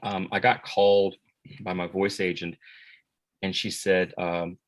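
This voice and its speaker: An American man who works as an actor and voice actor, answering interview questions in a relaxed, rambling way with many fillers and restarts. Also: low-pitched, a little slow, poor audio. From United States.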